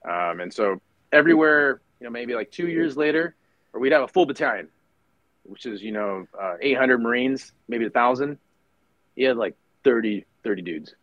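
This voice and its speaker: A man's voice: mid-range voice, normal speed, no room sound, phone-quality sound. A middle-aged man, a retired Marine officer, telling war stories as a podcast guest, acting out other people's lines, swearing casually, with lots of fillers and restarts. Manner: animated storyteller who acts out others' lines, many fillers and restarts. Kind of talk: storytelling interview.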